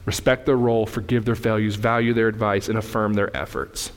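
Preaching man in a reverberant church hall. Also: brisk. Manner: animated storytelling, rising loud and high in anecdotes. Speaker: pastor. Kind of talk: sermon. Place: church sanctuary.

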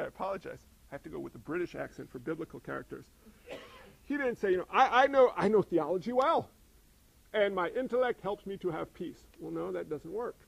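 A man preaching a sermon, animated and asking his listeners questions. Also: high-pitched, gravelly, dry recording, rough recording. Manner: animated, asks the congregation questions. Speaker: pastor.

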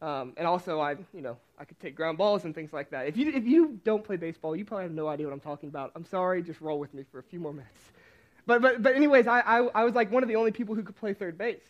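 A young man with a high voice preaches in a relaxed, chatty way, stumbling and restarting as he tells a story about himself. The recording sounds dull and lo-fi. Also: fast. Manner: chatty, self-deprecating storytelling with many restarts. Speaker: youth pastor. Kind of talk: casual sermon with personal story.

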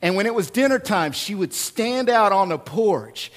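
A middle-aged man preaching a sermon as pastor, moving from hushed prayer to loud, animated storytelling. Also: high voice, normal speed.

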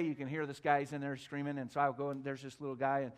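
A man's voice: mid-range voice, level tone, fast talker. A middle-aged man preaching a sermon as pastor, telling stories and building to emphatic, repeated points. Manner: storytelling preacher, rising emphatic repetitions.

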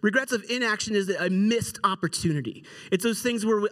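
A middle-aged man preaching a sermon as a pastor, telling a story in an animated, conversational way and acting out the quotes. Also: high voice, a little fast.

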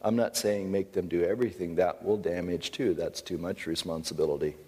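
A man's voice: low-pitched, fairly even intonation, fairly quick, dark tone, slightly rough, big-room sound. A middle-aged man teaching at a Christian seminar, speaking emphatically and earnestly, with self-deprecating asides.

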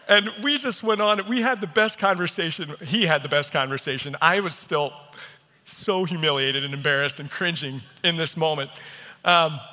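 Earnest pastor preaching in a reverberant hall. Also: male voice, fairly high pitch, sharp tone. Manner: earnest storytelling, self-deprecating. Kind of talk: sermon. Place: church hall.

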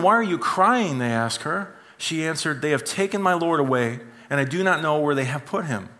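A man preaching a sermon as pastor, conversational and animated, with frequent asides to the congregation. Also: medium pitch.

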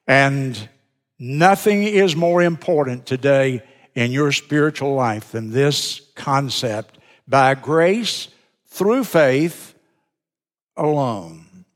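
Slow, deliberate preacher in a reverberant sanctuary. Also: male voice, on the high side. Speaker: pastor. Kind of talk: sermon. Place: church sanctuary. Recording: long reverb of a church sanctuary.

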